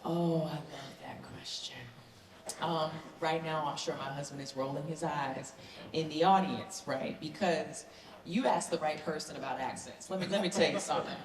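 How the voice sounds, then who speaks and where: A woman's voice: sits low, normal speed, a crowd in the background. A woman from the American South, an actor answering fan questions on a convention panel in an enthusiastic, earnest way. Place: large convention hall. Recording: echoey convention hall, faint noise.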